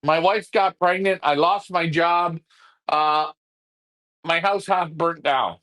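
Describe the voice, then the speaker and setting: Guy on a live stream, pretty high voice, blunt fired-up rant, keeps repeating himself. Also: slow, fairly bright tone. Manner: fired-up ranting, blunt and repetitive. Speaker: pigeon racing club co-host.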